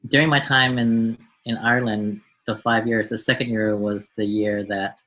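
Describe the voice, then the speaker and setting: An American man with a low, bright, forceful voice answers interview questions. He talks reflectively and stops to repeat his words as he goes. His tone stays direct even when his pitch sits low. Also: normal speed, rough recording. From United States. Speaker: guest, doctor and mentor. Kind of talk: podcast interview.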